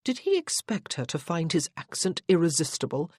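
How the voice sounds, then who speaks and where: A narrator reading a period romance novel in an even, measured way. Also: medium pitch, husky, dry recording, clean studio sound.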